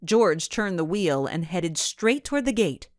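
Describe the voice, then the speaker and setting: A woman narrates a children's storybook in a low, expressive voice. She reads slowly, her pitch rising and falling with lively range. The recording is dry and close. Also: dry recording. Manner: expressive, measured. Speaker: audiobook narrator.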